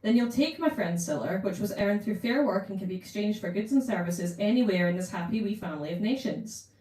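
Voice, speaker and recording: A woman voicing a bold, playful young female rogue with a brisk, cocky delivery. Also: mid-range voice, lively intonation, dark tone, natural voice. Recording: roomy, distant mic.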